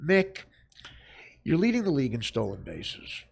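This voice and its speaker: A man's voice: a little high, wildly swooping pitch, unhurried, vocal fry, darkish tone, breathy edge, full character voice. A man doing an impression of a ballplayer who rambles incoherently and keeps repeating himself in an interview. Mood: rambling. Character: rambling, garbled male ballplayer being interviewed.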